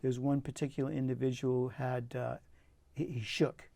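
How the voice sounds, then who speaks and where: A man's voice: mid-range voice, flat delivery, moderate pace, gravelly, dark tone, no echo. An older man, a poet, telling personal stories in an earnest, reflective way with frequent restarts, interviewed in a community TV studio. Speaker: poet guest.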